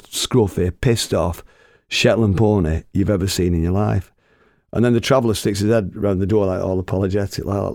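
An older man with a thick Oldham accent tells comic family stories in a low, rough voice with plenty of gravel. His delivery is wry and earthy, and he slips into the voices of his characters. The sound is close and dry. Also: darkish tone, dry recording. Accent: Oldham, Northern English. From Oldham, England. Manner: acts out quoted people in voices. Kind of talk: humorous storytelling.

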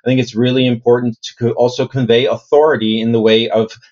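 A man who coaches people on voice and communication, answering in an interview in an animated, demonstrative way. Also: fast talker, highs cut off. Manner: animated, demonstrative, plays with his own pitch and pace.

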